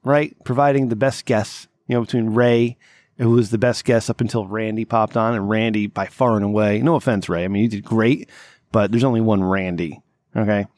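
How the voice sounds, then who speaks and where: A man's voice: on the low side, steady tone, moderate pace, a little mellow, dry recording, studio quality. A man hosting a comedy podcast, rambling and sarcastic with a lot of swearing, groggy from having just woken up. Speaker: podcast host. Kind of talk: casual comedic podcast chat.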